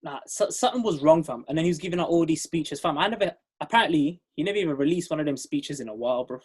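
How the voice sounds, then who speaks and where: Young male co-host, raspy and a bit high, easy slangy banter. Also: animated, fast talker. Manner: laid-back, laughs often, slang-heavy. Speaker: podcast co-host. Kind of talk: casual chat.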